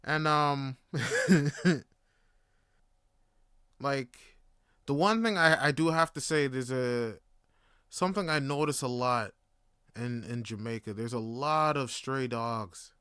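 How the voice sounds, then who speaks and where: A man's voice: fairly high pitch, animated, unhurried, long pauses, a bit bright, clean tone, dry recording, studio quality. A young man from Canada hosting a podcast, talking in a laid-back, rambling way full of fillers and swearing. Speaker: podcast host. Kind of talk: casual monologue.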